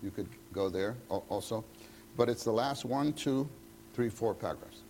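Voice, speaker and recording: A man's voice: on the low side, normal speed, a little mellow, a little hiss or hum. A man leading a church teacher-training meeting, talking conversationally and acting out bits of dialogue. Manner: conversational, acts out quoted dialogue.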